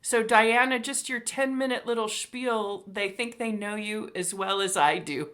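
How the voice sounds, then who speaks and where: Gushing, bright-voiced woman host. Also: on the high side, moderate pace, few pauses. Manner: gushing, emotional, reads viewer comments aloud. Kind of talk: effusive live-stream hosting.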